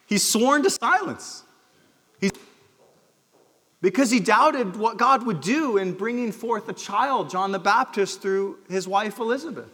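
A man preaching a sermon as pastor, earnest, rising to emphatic calls and dropping low again. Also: lively intonation, unhurried, bright, forceful tone, slightly rough, big-room sound. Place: church sanctuary.

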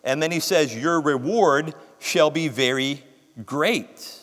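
Male preacher, earnest sermon delivery, slightly high voice, long hall reverb. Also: slow, a bit bright. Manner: earnest expository preaching, reads scripture aloud with emphasis.

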